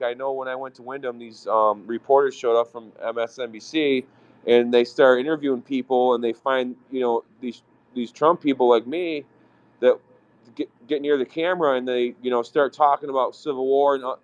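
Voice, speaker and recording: Smooth-voiced man rambling in casual talk. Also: medium pitch, no room sound. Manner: rambling, halting, with many fillers. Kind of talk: casual chat. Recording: dry, dull close sound.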